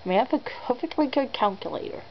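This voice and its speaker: A woman's voice: on the high side, lively intonation, racing. A young woman hosting a casual top ten countdown vlog, laughing often and making sarcastic asides. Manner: giggly and sarcastic, laughing between items. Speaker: vlogger. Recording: dull lo-fi webcam audio with faint background noise.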